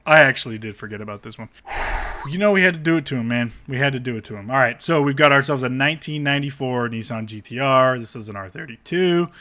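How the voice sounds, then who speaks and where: A man with a bright, forceful voice tears into car listings in a blunt, sarcastic rant. He swears freely and mocks what he reads, talking like a car channel host reacting on camera. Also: mid-range voice. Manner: blunt, profane, sarcastic ranting. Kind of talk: ranting commentary on car listings.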